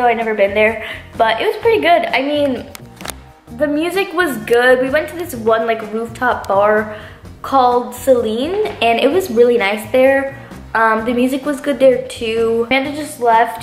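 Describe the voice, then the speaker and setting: Speaking indoors at home, this young adult college vlogger chats to camera in a high voice, packing her talk with "like" and "literally." Her casual vlog plays out in an echoey, spacious room with background music.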